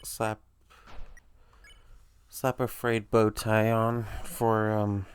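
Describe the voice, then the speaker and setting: A man giving low-key, hesitant let's-play commentary, quiet and mumbled with fillers. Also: little pitch movement, very slow, clear, resonant tone, no room sound. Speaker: gamer.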